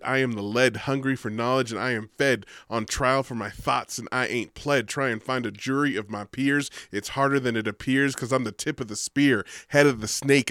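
A man's voice: medium pitch, fairly bright tone, no echo. A man with a mid-range voice, recorded close and dry with no room around him. He delivers his lines with a driving, rhythmic force and, in casual talk, drops easy profanity between laughs. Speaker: podcast co-host. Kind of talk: spoken-word poem, then casual chat.

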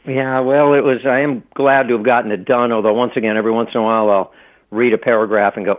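A middle-aged man, an author and law professor, is a guest in a casual interview, rambling with lots of restarts and fillers. His mid-range voice holds a steady tone and he talks fast, heard over tinny phone-line audio.

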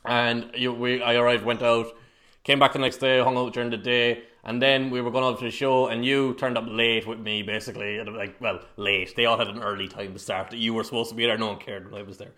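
Quick, ribbing male co-host on a podcast mic; mid-range voice, rapid delivery. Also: mid-range voice, little pitch movement, sharp tone. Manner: rapid, teasing, laughs often. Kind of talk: casual chat. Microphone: podcast microphone.

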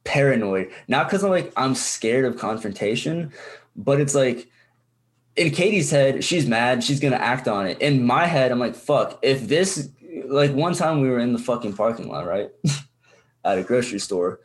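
A man's voice: mid-range voice, expressive, normal speed. A young adult man on a podcast, chatting in a rambling, profane way, full of fillers and restarts. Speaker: podcast co-host. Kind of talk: casual chat.

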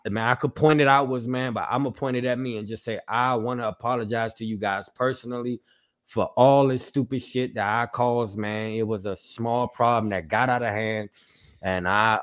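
Young male podcast co-host, raw and emotional, cursing and repetitive, mid-pitched voice. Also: fairly bright tone. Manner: emotional, apologetic, profane, repetitive. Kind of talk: emotional personal monologue.

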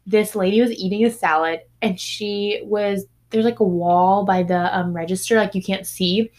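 A woman in a casual chat, telling an animated story, acting out what people said and using plenty of "like". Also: mid-range voice, normal speed. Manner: animated storyteller, acts out quotes, heavy "like" filler.

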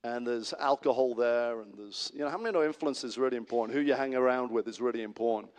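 A middle-aged man preaching a sermon as pastor, animated and swinging between loud exclamations and soft asides, with frequent restarts. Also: medium pitch, fast talker.

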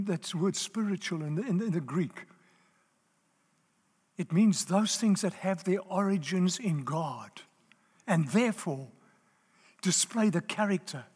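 Preaching before a live congregation, this man has a high-sitting voice with a breathy edge. He presses his points with emphasis, circles back to key phrases, and makes sure the crowd is keeping up, all inside a large hall with lengthy reverb.

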